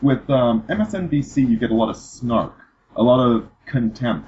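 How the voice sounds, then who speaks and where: A man's voice: mid-range voice, expressive, normal speed, a little mellow, a little hiss or hum. A man hosting a casual political chat, rambling and restarting his sentences with repeated words. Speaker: podcast host. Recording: dull lo-fi podcast audio.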